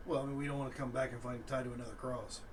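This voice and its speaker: A man's voice: mid-range voice, level tone, racing, recorded from a distance, noisy background. A man playing a tabletop game, asking wry, pointed questions. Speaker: player. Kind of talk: casual tabletop play.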